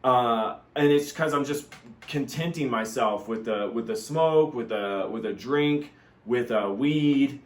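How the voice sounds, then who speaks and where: A man's voice: mid-range voice, takes it slowly. Male vlogger, casual rambling monologue, earnest delivery, reverberant room sound. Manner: rambling, filler-heavy, earnest.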